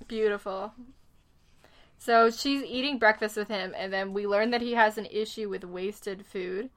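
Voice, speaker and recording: A woman's voice: mid-range voice, fairly bright tone. A woman co-hosting a casual book chat, laughing often and reading passages aloud. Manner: giggly, quick to laugh, reads passages aloud. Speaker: podcast co-host.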